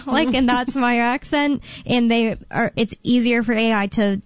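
A woman's voice: fairly high pitch, unhurried, dry recording. A woman co-hosting a call-in talk radio show, chatting casually and rambling a bit with frequent laughs. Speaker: radio co-host. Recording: dull lo-fi radio sound.

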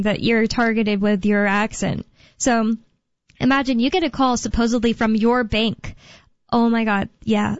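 A woman's voice: fairly high pitch, dry recording, muffled recording. Chatty, rambling young woman on talk radio. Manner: rambling, chatty, thinks aloud with fillers. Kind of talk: casual talk radio chat.

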